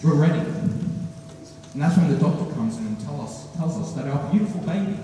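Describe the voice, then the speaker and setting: A teenage boy performing a stand-up routine, telling a story with animated delivery and acting out lines. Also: on the high side, normal speed, slight background noise. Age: teens. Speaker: student comedian. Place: school hall. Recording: echoey hall from far off.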